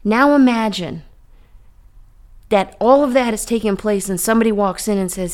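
A woman's voice: medium pitch, normal speed, pauses often, a little mellow. A woman sharing her faith testimony in a vivid, dramatic way, repeating herself and building with rhetorical questions.

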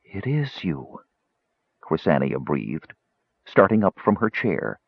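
Deep-voiced male audiobook narrator. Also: no echo. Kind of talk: scripted narration. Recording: slightly muffled audio.

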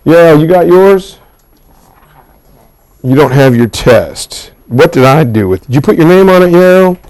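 A man teaching a history class, telling the story with lively asides and acted-out quotes. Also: on the high side, measured pace, low-quality recording. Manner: animated storytelling with pop-culture asides. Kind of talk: classroom lecture.

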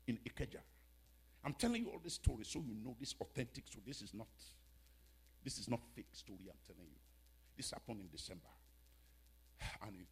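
A man preaching a sermon, swinging between hushed storytelling and shouted exhortation. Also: medium pitch, husky. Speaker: pastor.

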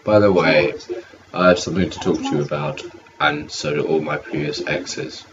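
A man's voice: extremely low pitch, steady tone, moderate pace, noisy background. A man co-hosting a casual watch-along commentary, sardonic and swearing freely. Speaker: podcast co-host. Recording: dull lo-fi audio with music.

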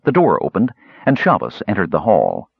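A man's voice: low voice, huge pitch swings, moderate pace, gravelly, breathy edge, no room sound. A man narrating a fantasy audiobook with a dramatic, varied delivery. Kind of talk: scripted narration. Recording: dull, dry recording.

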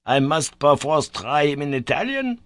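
A proud and excitable old professor from a storybook reading, pitched well above the reader's own low voice as a man puts him on. He fires off raised, emphatic questions with a strained edge, heard in a dry, close recording. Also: moderate pace, no echo.

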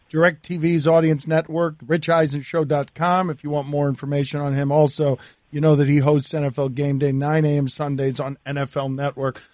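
A man hosting a radio interview in a relaxed, teasing way, summing up his guest's stories. His voice sits on the higher side and is recorded dry, with no room sound. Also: no room sound. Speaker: radio show host. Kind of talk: casual interview.

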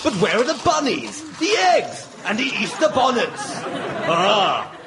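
A man's voice: sits high, wildly swooping pitch, measured pace, crowd noise, background noise, exaggerated voice. A man voicing a pompous, shameless Victorian novelist, theatrical and self-satisfied, in a comedy radio sketch. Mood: grandiose. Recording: loud music behind the voice.

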